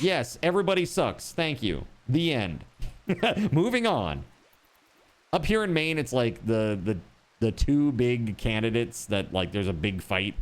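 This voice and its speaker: A man streaming a game, chatting casually and joking, swearing freely. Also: medium pitch. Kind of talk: casual chat while gaming.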